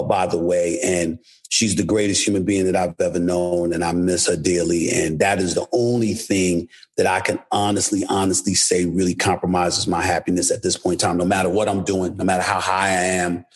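A man from New York City talks bluntly in a low, husky voice, doubling back on his words for emphasis. His speech leans hard on each point, candid and personal. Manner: emphatic, repeats himself, blunt. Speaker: guest. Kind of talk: candid interview talk.

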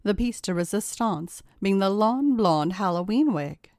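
A woman narrating a scripted story at a steady, even pace. Her voice sits in a plain middle register, and the recording is dry and close, with no room echo. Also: medium pitch, a little slow.

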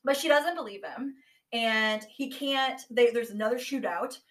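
Bright-voiced woman giving a profane book recap. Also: a little high, moderate pace. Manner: animated, profane storytelling. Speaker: book podcast co-host. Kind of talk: casual book recap chat.

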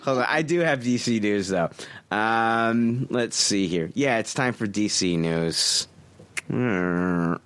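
A man's voice: fairly low pitch, takes it slowly, a bit bright, clear, resonant tone. A man hosting a podcast, ranting in an exasperated, sarcastic and profane way. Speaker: podcast host. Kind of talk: casual chat.

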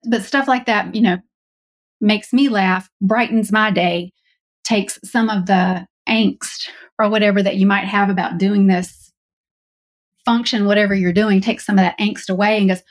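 A woman co-hosting a podcast, telling stories in a lively, chatty way. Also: medium pitch, normal speed. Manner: animated, chatty storyteller. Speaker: podcast co-host. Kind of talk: casual podcast chat.

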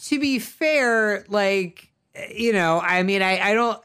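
A woman's voice: mid-range voice, expressive, takes it slowly, fairly bright tone, clean tone. A woman chatting casually about a film, sarcastic and full of restarts.

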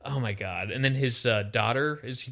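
Medium in pitch, moderately paced and creaky, this young man's voice carries a casual podcast conversation he co-hosts. He relates anecdotes animatedly, acting out what others said.

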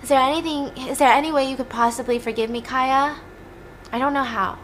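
A woman's voice: sits high, steady tone, fairly quick, fairly bright tone, a little hiss or hum, pitched above the performer's own voice. A woman retelling a film as a heartbroken young man begging forgiveness, earnest and apologetic. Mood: pleading.

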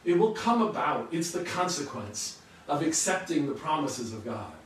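A man delivers a sermon in a slightly high voice, posing rhetorical questions and answering them in an earnest teaching manner. He sounds set back from the mic in a very echoey room, with faint ambience underneath. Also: very animated, moderate pace, distant mic. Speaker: pastor.

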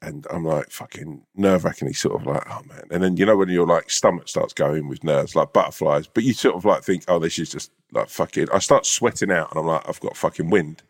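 A man with a very low voice tells a long, rambling anecdote to a friend. He swears freely and keeps it casual, like a comedian chatting on a podcast. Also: fairly quick, hardly any pauses. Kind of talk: casual storytelling chat.

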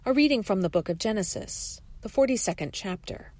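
A woman, a lay reader, reading scripture and gently voicing the quoted speakers. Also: mid-range voice, expressive, fairly quick, dry recording.

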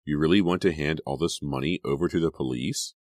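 A bold, scheming teenage girl, as a deep-voiced man puts her on for an audiobook. She sounds pushy and eager, her lines lifted well above his low natural register. The sound is dry and close. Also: a little fast, darkish tone, no echo. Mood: urging.

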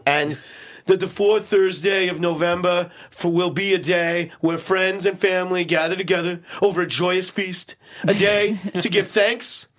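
A man's voice: sits high, steady tone, a little slow, fairly bright tone, pitched above the performer's own voice. A man putting on a nasal, head-cold voice for a boastful older male politician, drawing out grand announcements. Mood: pompous.

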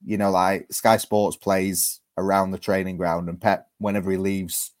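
A man's voice: sits low, flat delivery, moderate pace, no echo. Hesitant man, dry close sound. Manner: hesitant, many restarts and ums. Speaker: football journalist guest. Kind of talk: casual podcast chat.

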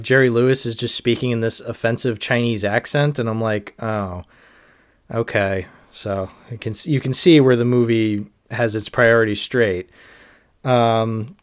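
Rambling, sardonic male podcast host. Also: mid-range voice. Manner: rambling, sardonic, lots of fillers. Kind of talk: casual solo podcast talk.

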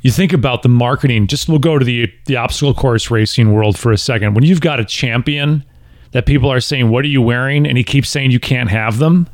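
A man hosting an interview, asking questions and adding relaxed, reflective asides. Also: mid-range voice, a little fast. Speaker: interview host. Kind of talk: conversational interviewing.

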